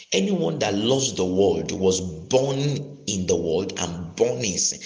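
Male preacher, low voice, teaching sermon, repeats phrases and checks in with the listeners. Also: low-quality recording.

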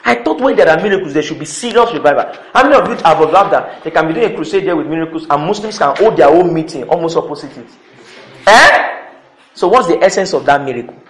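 A man with a high voice preaches in a church. He leans hard on key words, repeats them and pulls answers from the congregation. The sound rings around a roomy hall. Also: animated, fast, fairly bright tone. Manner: emphatic, repeats key words, calls for responses. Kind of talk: sermon.

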